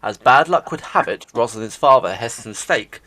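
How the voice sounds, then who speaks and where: A man narrating as game master of a tabletop game in a brisk, matter-of-fact way. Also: medium pitch, lively intonation, sharp tone.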